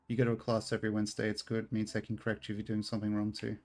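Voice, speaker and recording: A man's voice: on the low side, monotone, very fast, few pauses, darkish tone, soft background music. An Australian man streaming a game, rambling casually, swearing freely and joking at his own expense. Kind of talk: casual live-stream chat while playing.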